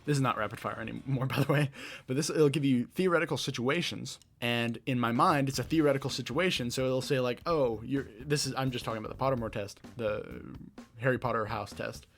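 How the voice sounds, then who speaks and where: In his bedroom, a young man from the Southeastern US hosts his own podcast, answering rapid-fire questions in a rambling, self-deprecating monologue and laughing often. He has a light Southern accent and a mid-range, fairly bright voice, with soft music playing in the background.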